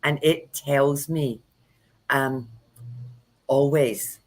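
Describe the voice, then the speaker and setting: A woman's voice: rumbling low, fairly even intonation, normal speed, rough recording. A woman hosting a tarot livestream, talking casually and frankly, telling anecdotes and acting out what people said. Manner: frank, anecdotal storytelling with acted-out quotes. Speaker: tarot reader and workshop host.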